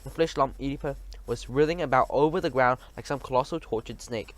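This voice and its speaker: A man narrating a children's story in an expressive, animated way, with small slips. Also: mid-range voice, fairly quick, few pauses. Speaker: audiobook reader.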